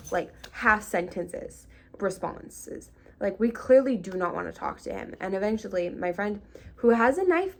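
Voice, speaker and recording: A young woman talks straight to her camera in a casual vlog storytime, rambling and filling gaps with likes and ums. Her mid-height voice carries a slight gravelly fry at the ends of phrases. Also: medium pitch. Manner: chatty, lots of likes and ums, half-laughing. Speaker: vlogger.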